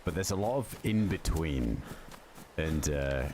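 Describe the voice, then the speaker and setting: Laid-back male game streamer, very deep voice, rambling and restarting sentences, steady noise behind him. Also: measured pace. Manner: rambling, filler-heavy, swears casually. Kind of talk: casual gaming livestream chat. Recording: constant background noise.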